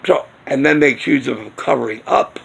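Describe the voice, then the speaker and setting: A man's voice: mid-range voice, expressive, a little fast, vocal fry, fairly bright tone, slightly rough. A man ranting indignantly in a casual vlog, firing off rhetorical questions. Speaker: video blogger. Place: outdoors near a smoking area.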